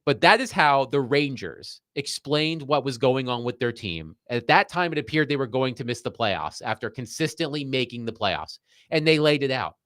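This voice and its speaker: A male sports talk host with a mid-pitched voice, in a dry studio. He speaks in a measured, steady way, reading statements aloud and then weighing in. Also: dry recording. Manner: measured, reads quotes aloud then comments.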